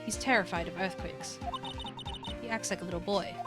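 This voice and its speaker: A woman's voice: medium pitch, normal speed, over loud music, close to an everyday voice. Woman reading as an earnest young lawyer.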